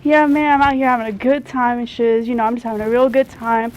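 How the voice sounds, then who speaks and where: A woman's voice: a little high, fairly even intonation, fast talker, a little hiss or hum, close to an everyday voice, poor audio. A woman playing a spacey, slacker young pop star in a comedy sketch, rambling in a laid-back, slangy drawl. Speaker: celebrity guest parody.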